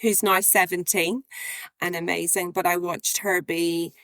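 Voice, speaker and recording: A woman's voice: fairly low pitch, flat delivery, measured pace, fairly bright tone, no room sound. A woman in her forties, a physician guest talking earnestly and from the heart, often repeating her phrases. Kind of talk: candid interview conversation.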